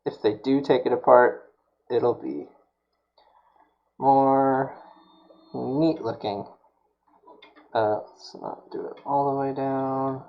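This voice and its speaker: Slow-talking man muttering to himself. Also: mid-range voice, steady tone, gravelly, muffled recording. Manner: mutters to himself, mild self-scolding. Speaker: streamer building a prop. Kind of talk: casual live-stream self-talk while crafting.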